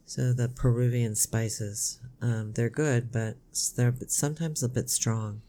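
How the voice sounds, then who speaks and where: An older woman, a podcast co-host, chatting casually with her son in a rambling, halting way with many restarts. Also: extremely low pitch, fairly even intonation, warm tone. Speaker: podcast co-host, mother of the other host. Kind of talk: casual chat.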